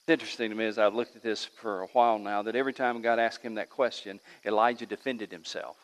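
A man preaching a sermon as pastor in a church, swinging between loud emphatic lines and hushed ones. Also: fairly low pitch, fairly even intonation, fast. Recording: long reverb of a large hall.

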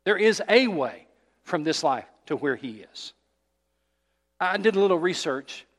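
A man's voice: a little high, sing-song, measured pace, long reverb tail. A man, a pastor, giving a sermon in a conversational way, often asking his listeners questions. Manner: conversational preaching with rhetorical questions. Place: church sanctuary.

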